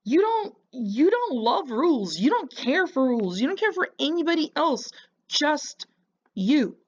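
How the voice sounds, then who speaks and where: A woman's voice: sits high, big pitch swings, measured pace, highs cut off. A woman giving casual reaction commentary, mocking and lecturing the person in a clip.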